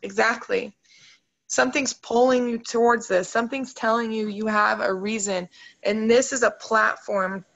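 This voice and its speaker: A woman's voice: on the high side, fairly even intonation, moderate pace, vocal fry, a bit bright, muffled recording. A woman hosting a motivational video call, upbeat and emotional as she talks straight to her group.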